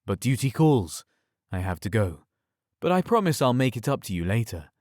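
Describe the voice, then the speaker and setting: A ruthless young werewolf alpha, played by the male narrator, who speaks in curt commands. His voice sits very low, and the recording is close and dry. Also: sing-song, moderate pace, a little mellow, no room sound. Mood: commanding.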